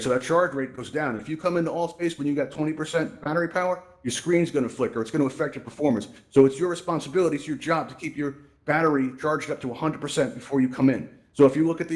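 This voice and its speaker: Fast-talking man hosting a VR how-to. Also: mid-range voice. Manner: conversational, lots of "right?" and "you know" fillers. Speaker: event host and presenter. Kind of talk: casual live presentation in virtual reality. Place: virtual reality social space.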